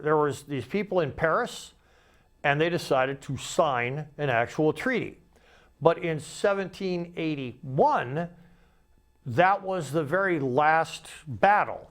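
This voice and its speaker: A man in his sixties giving a rambling, folksy monologue as the host of his own show, acting out remembered conversations. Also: on the high side. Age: 60s. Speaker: podcast host. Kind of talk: casual political monologue.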